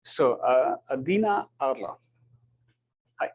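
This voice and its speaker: A man's voice: medium pitch, animated, takes it slowly. A man with an Austrian German accent, a university lecturer taking questions and calling the roll in class, hesitant and apologetic, often repeating words. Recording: dull lo-fi classroom recording.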